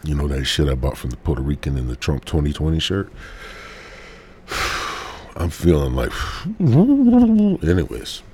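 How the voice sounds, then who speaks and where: A podcast host with an extremely low, slightly rough voice talks at normal speed but leaves long pauses. Alone on the mic and sick with a cold, he delivers a stoned, casual rant full of rambling, cursing and sighs.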